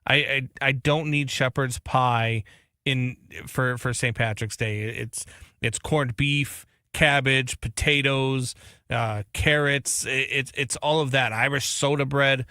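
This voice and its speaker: A man co-hosting a sports radio show, giving animated, emphatic opinions in casual banter. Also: mid-range voice, slow pace, smooth, no echo, studio quality.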